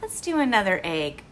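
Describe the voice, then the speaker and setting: A woman's voice: a little high, fairly bright tone, a little hiss or hum. A woman speech therapist leading a word practice lesson for young children, talking in an exaggerated, encouraging sing-song with frequent gasps and carefully modeled words.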